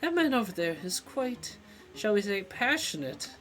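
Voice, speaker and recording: A poised, haughty woman politely brushes off an admirer, read by a man. The delivery is prim and mock-polite, with a bright tone and a lively pitch. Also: normal speed, faint music behind.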